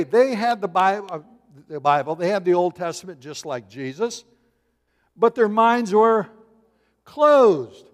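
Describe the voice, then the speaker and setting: Guy preaching in a big echoey hall, kinda high voice, jokey, does little voices for the story. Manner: humorous, animated storytelling with voices. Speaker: pastor. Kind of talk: sermon. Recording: long hall reverb.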